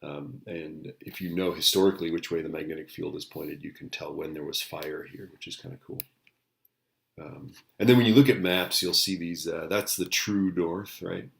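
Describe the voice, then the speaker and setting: A man's voice: sits low, moderate pace, gravelly. A man teaching a physics lecture in a casual, rambling way, often checking in with the class and restarting his sentences. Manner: casual, tag questions, many fillers and restarts. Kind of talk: recorded lecture.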